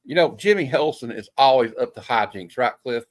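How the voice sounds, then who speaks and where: Animated man hosting a comic show. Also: medium pitch, fairly quick. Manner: jokey, laughs often, reads panels in put-on voices. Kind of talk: casual chat reading comic panels aloud.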